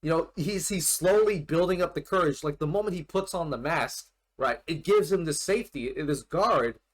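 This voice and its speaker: A man hosts an anime reaction, sharing his thoughts in relaxed, unscripted commentary. His voice sits fairly high for a man. He rambles, piles up restarts, and swears casually as the excitement takes him. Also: moderate pace.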